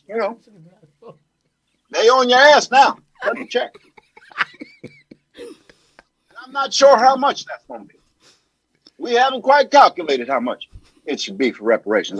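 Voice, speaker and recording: Guy doing a former president voice, slow careful pauses, raised pitch, husky. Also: a bit bright, no echo, full character voice, low-quality recording. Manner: deliberate, halting pauses. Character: measured, professorial former male president. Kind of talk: celebrity impression.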